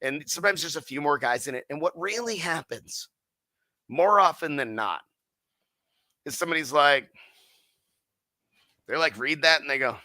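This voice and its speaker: A man's voice: fairly high pitch, animated, normal speed, pauses often, bright, forceful tone, dry recording. A man guesting on a casual podcast about his car audio company, swearing constantly and heatedly acting out his customers' remarks.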